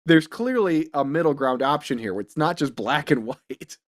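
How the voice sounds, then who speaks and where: A man's voice: on the high side, lively intonation, moderate pace. A man co-hosting a podcast in casual chat, teasing his friends and swearing casually. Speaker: podcast co-host.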